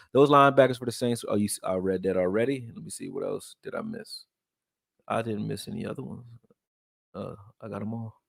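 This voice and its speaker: A man from Texas, raised in Philadelphia, breaking down football film and reading chat on a live stream in a loose, profane, animated way. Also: medium pitch, gravelly, no room sound, studio quality. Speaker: sports commentary streamer.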